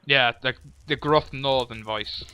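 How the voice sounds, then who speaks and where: A man's voice: medium pitch, measured pace, sharp tone, clean tone, no room sound. A man chatting casually while playing a game with a friend, reading game text aloud and laughing often. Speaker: gamer. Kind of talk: casual let's play chat.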